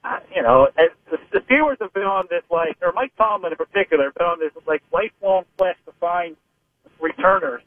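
A high-pitched, animated man speaks a bit fast with no echo, heard via phone on a narrow line. He's a Pittsburgh sports reporter calling a radio show, his analysis loose and rambling, full of hesitations and restarts.

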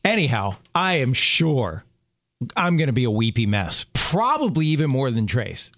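A man's voice: mid-range voice, big pitch swings, normal speed, a bit bright, a little hiss or hum. A middle-aged man co-hosting a show, joking in laid-back banter. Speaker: radio show co-host. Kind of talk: casual chat.

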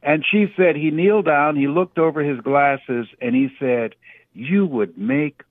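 A man's voice: a little high, normal speed, no echo. A man giving a preacherly motivational talk as a radio guest, stressing his points by repeating words. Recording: tinny phone line.

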